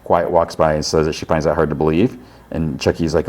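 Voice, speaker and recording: Deep-voiced male podcast host, rambling casual recap. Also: little pitch movement, brisk, a little mellow. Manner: rambling, filler-heavy retelling.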